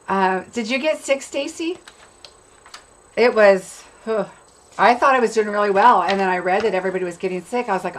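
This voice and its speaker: A woman's voice: mid-range voice, rough recording. Woman, middle-aged, from California, sick with a cold, coughing, chatty, upbeat, live-stream host. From California, USA. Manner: chatty and upbeat, greets and answers viewers by name. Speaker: craft demonstrator hosting a live stream. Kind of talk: casual live-stream chat.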